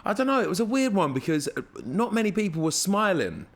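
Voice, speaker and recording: A man's voice: high voice, fast talker. A young man with a South London accent, chatting as a podcast guest and acting out the people in his stories. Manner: animated storyteller, acts out dialogue. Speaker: radio presenter, guest. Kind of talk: casual podcast chat.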